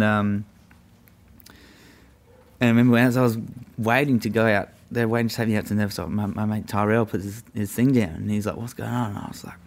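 Gravelly, low-voiced man. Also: a little mellow. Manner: profane, rambling, full of fillers. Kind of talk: casual storytelling.

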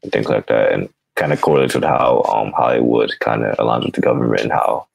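A man's voice: very deep voice, fast talker, creaky, slightly rough, no room sound. A man talking as a podcast guest in casual chat, rambling and drifting into tangents.

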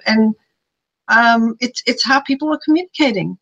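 A woman's voice: high-pitched, fairly bright tone, muffled recording. Chatty middle-aged woman presenting a webinar. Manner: chatty, personal, builds rapid lists. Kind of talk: live webinar talk. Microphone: streaming live.

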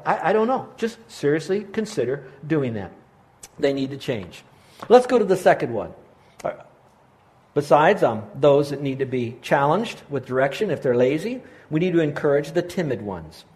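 A middle-aged man preaching a sermon as pastor, earnest and gently encouraging. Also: on the high side, very animated, normal speed.

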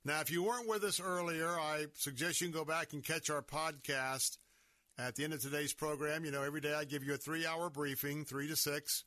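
A man's voice: fairly high pitch, steady tone, fairly quick, bright, forceful tone, no room sound. A man hosting a conservative talk radio show from a studio, speaking emphatically and sounding worked up. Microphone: studio microphone.

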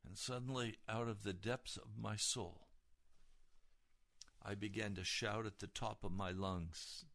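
A man telling a personal testimony as a sermon, in a dramatic, emotional storytelling manner that rises suddenly into loud peaks. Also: lowish voice, steady tone, a little slow, vocal fry. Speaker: preacher.

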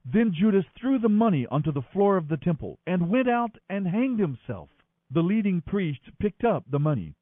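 A man doing a daily Bible reading in an expressive, dramatic manner. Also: high voice, moderate pace, few pauses, no echo. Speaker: scripture reader. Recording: thin phone-like sound, dry.

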